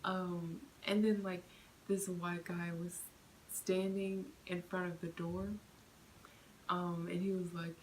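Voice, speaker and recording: A young woman vlogger chatting through a storytime, full of fillers and animated retelling. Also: on the low side, unhurried, a little hiss or hum, rough recording. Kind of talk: storytime vlog.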